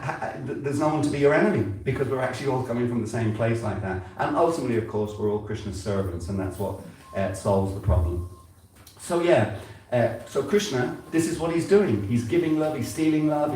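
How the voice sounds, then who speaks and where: A man's voice: medium pitch, darkish tone, slight background noise. Older man preaching in an echoey hall. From England. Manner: conversational, halting with frequent repeats and fillers. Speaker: spiritual speaker at a temple gathering. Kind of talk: informal sermon. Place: temple hall. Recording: very echoey hall, heard from a distance.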